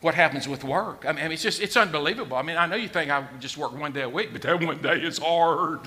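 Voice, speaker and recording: Folksy preacher man, bright tone. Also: a little high, quick pace. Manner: folksy, joking, swings from quiet to shouting. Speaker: pastor. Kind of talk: sermon.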